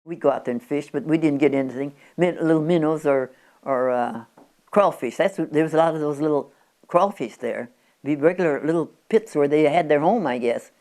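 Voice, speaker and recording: Elderly woman in her nineties with a low voice, a rambling interviewee recalling the past. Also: brisk, mellow. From Oregon, USA. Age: 90s. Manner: chatty, with frequent restarts and stumbles. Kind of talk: rambling reminiscing. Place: at her country home.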